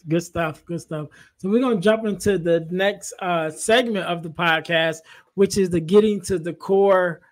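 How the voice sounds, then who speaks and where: Fairly high-voiced podcast host man. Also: moderate pace. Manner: conversational, steering the talk with fillers. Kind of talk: casual interview talk.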